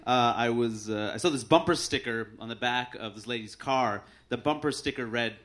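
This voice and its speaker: A man doing a stand-up set on a club stage with a handheld mic, dry and deadpan, putting on quick voices for his bits. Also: medium pitch. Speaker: stand-up comedian. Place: comedy club stage with audience laughter. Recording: live club recording with clear audience noise.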